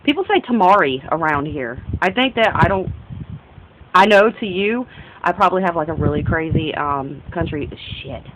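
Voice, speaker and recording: A woman's voice: fairly low pitch, animated, moderate pace, noisy background. Rambling young woman vlogging. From northern United States. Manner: rambling, jumps between topics, self-interrupting. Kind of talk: casual vlog monologue.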